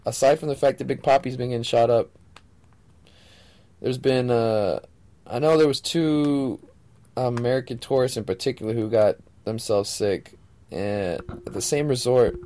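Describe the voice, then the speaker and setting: A man's voice: lowish voice, dark tone, dry recording. A man hosting a podcast alone, talking casually in a laid-back, slangy, profane way. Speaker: podcast host. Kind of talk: casual solo podcast monologue.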